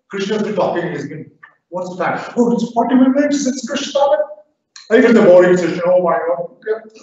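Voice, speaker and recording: Guy lecturing teachers, animated and pushy, super echoey room, kinda muffled. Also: high-pitched. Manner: lively, exhorting, acts out quick asides. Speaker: professor giving a talk to teachers. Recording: echoey hall, far from mic, dull sound.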